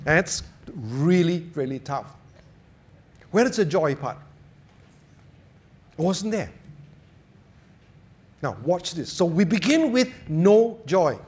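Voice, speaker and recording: Preaching a sermon, a man speaks in a notably high, slightly rough voice. He tells stories and jokes with animated delivery, his pitch swinging widely.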